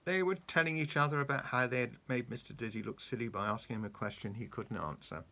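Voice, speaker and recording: A man reading a children's story aloud, animated and coaxing, stopping to ask the child questions. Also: medium pitch, fast, creaky.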